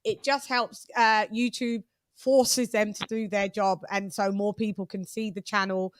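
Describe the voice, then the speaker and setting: A woman's voice: mid-range voice, little pitch movement, dry recording, studio quality. A British woman hosting a live boxing chat stream, talking casually and reading viewer messages. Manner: chatty, fast restarts, reads super chats. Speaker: boxing channel host.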